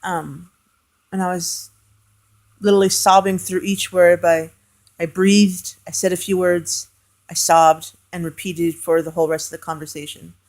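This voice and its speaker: Low-voiced woman telling a family story. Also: little pitch movement, normal speed, a little mellow. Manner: earnest, hesitant, with fillers and restarts. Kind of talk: casual storytelling vlog.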